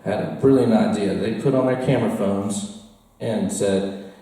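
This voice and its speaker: A man's voice: lowish voice, normal speed, dark tone. An American man telling a rambling, self-deprecating story to a live audience in a bar, often laughing at his own tale. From United States. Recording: roomy echo, from far off.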